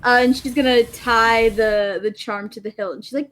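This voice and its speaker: A woman's voice: on the high side, steady tone, moderate pace, a bit bright. A woman playing a tabletop game, casually and somewhat hesitantly narrating her character's actions.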